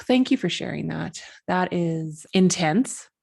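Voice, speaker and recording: A woman hosts a podcast interview in a low voice with plenty of fry. She responds to her guest with quiet murmurs of agreement and openly moved reactions. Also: animated, slow pace. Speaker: podcast host.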